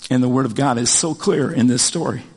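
An older man delivers a sermon in a middle-pitched voice, chatty and animated, often restarting his sentences with fillers. His voice carries a long reverb from a church sanctuary. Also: fairly quick, breathy edge. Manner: conversational, animated storytelling with many fillers and restarts. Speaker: pastor.

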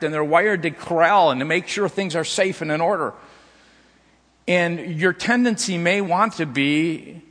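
A man's voice: a little high, pushed and bright, long reverb tail. A middle-aged man preaching a sermon, telling a story in a loose way with many restarts and repeated "and". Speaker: pastor.

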